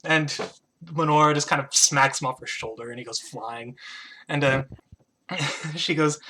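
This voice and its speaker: A man narrating as game master of a tabletop role-playing game. He describes the scene loosely, with many fillers. His voice sounds bright. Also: fairly high pitch, unhurried, long pauses.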